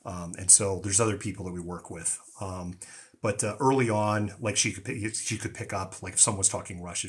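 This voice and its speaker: A man's voice: lowish voice, fairly even intonation, moderate pace, a bit bright, slightly rough. A man hosting a live stream, talking casually with many ums and restarts, with a mostly neutral American accent that has a slight Boston tinge. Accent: General American with a slight Boston tinge. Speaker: news show host.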